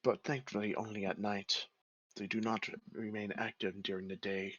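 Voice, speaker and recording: A man's voice: on the low side, level tone, moderate pace, fairly bright tone, no echo, muffled recording. A man narrating as the game master of a tabletop game, describing scenes steadily.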